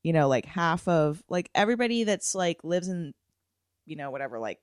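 A woman co-hosting a casual comedic podcast, relating stories in a chatty, relaxed way. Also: on the low side, normal speed, no echo, studio quality. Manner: chatty, relaxed storytelling, laughs easily. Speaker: podcast co-host.

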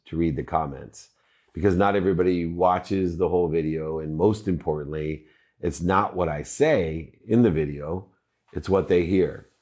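Deep-voiced man in earnest reflection. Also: a little mellow. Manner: measured, earnest, list-like phrasing. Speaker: host of own video channel. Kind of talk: reflective commentary to camera.

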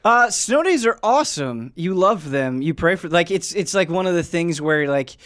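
A man's voice: high voice, lively intonation, moderate pace, fairly bright tone. A man hosting a casual chat, rambling with lots of fillers. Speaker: podcast host.

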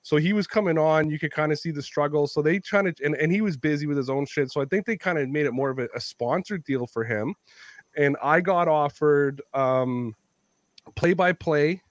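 A Canadian man telling profane, animated stories while hosting a casual chat. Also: on the high side, moderate pace, dry recording. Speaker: podcast host.

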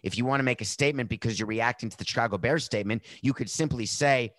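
A man's voice: medium pitch, quick pace, hardly any pauses, fairly bright tone, no room sound. A middle-aged man hosting a podcast, giving blunt, sarcastic opinion commentary. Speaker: podcast host.

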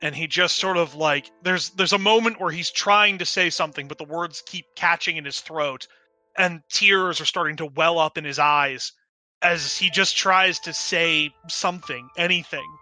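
A man's voice: a little high, moderate pace, bright, forceful tone, faint music behind, rough recording. A man describing his character's actions as a player, thinking aloud with many fillers. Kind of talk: casual role-play description.

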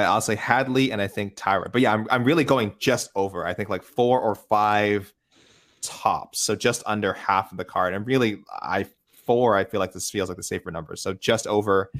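A man chatting casually as a panelist, talking quickly with lots of restarts and rambling asides. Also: fairly low pitch, fairly bright tone.

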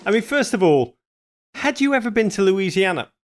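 A man hosting a podcast interview, enthusiastic and quick to laugh. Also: high voice, very animated, slight background noise. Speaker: podcast host. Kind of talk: casual interview chat.

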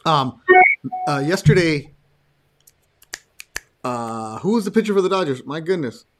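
A man hosting a podcast, chatting casually in an animated, joking way. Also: a little high, measured pace. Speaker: podcast host. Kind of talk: casual sports chat.

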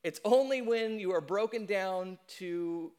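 A young adult man preaching a sermon as a pastor, in a conversational, animated way and acting out quotes. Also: high-pitched, measured pace, clean tone.

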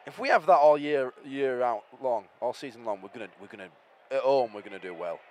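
A man co-hosting a football podcast, talking in an animated, playful and mocking way outdoors at a match. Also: medium pitch, fairly quick. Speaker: podcast co-host. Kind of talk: casual football podcast chat.

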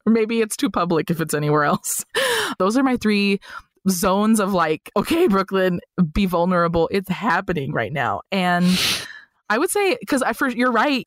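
Woman, podcast guest, bubbly comic storyteller, dry close sound, middle pitch. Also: dry recording. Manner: chatty, animated storyteller full of "like" who slips into comic voices. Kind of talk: casual interview chat.

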